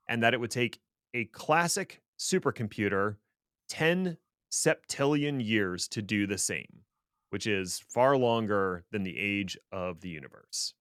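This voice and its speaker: A man's voice: fairly low pitch, a bit bright, no echo. A man co-hosting a tech podcast, explaining things casually with dry, sarcastic asides. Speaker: podcast co-host.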